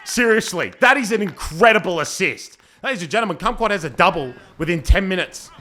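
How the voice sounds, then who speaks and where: A young man giving playful, joking commentary over his own amateur football match, breaking into excited shouts. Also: high-pitched, brisk. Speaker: football commentator and team player.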